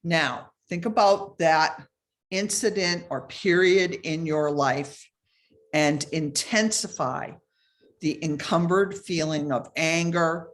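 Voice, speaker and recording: A woman leading a guided meditation over a video call, giving soft, slow instructions with pauses. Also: sits low.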